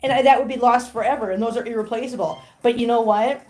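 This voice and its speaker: This middle-aged livestream host talks fast in a steady, slightly mellow voice on the high side. She keeps things casual, answering viewer comments aloud and cooing baby talk at her kittens.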